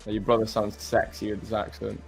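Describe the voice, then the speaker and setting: Male stream host, lower voice, loose laughing banter full of bro and mate, soft music behind. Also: monotone, fairly quick, vocal fry. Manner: joking, laughs often, calls people bro and mate. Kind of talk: casual banter on a live stream.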